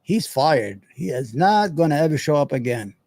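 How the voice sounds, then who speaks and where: A man's voice: on the high side, sing-song, moderate pace, darkish tone, no room sound. A man, hosting a casual commentary show and reacting to clips, blunt, profane and digressive.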